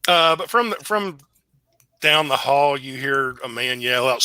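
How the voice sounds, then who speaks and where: A man narrating as game master, relaxed and chuckling. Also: mid-range voice, measured pace, clear, resonant tone, no echo.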